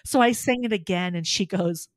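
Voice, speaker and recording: A woman's voice: on the low side, moderate pace, no echo, studio quality. A middle-aged woman, a soprano and voice teacher, chatting on a podcast and telling stories with lots of laughter and acted-out dialogue. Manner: lively storyteller, laughs often, acts out dialogue. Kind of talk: casual podcast chat.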